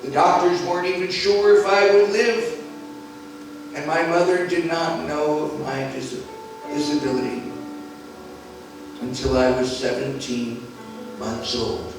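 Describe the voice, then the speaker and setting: A man in his sixties from Philadelphia, telling a personal testimony with deliberate, dramatic pauses. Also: on the high side, steady tone. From Philadelphia, USA. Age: 60s. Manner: deliberate, dramatic pauses, acts out quoted voices. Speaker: gospel singer and speaker. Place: large stone church. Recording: echoey church from far off, faint music.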